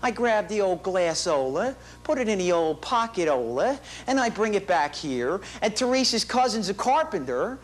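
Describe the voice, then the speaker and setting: A man's voice: high-pitched, very animated, normal speed, hardly any pauses. An actor playing a chatty, boastful working-class family man in a comic stage monologue, rambling in street slang and bad grammar. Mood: bragging. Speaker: stage performer in a one-man show. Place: theater stage.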